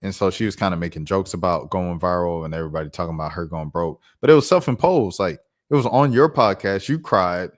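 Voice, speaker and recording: A man hosting a casual live commentary stream, talking in an animated, mocking way. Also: sits low, fairly quick, hardly any pauses. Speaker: commentary channel host.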